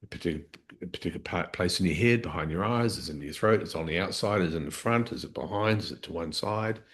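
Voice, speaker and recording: A man's voice: low voice, fast, fairly bright tone, slight background noise. A man coaching a live training session, explaining step by step, restarting phrases and checking in with "okay?".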